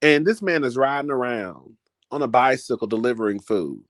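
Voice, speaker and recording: A man's voice: medium pitch, lively intonation, moderate pace, no room sound. Chatty man telling a story, dry sound. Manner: chatty, dramatic, keeps calling listeners "girl". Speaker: vlogger. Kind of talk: casual storytelling to camera.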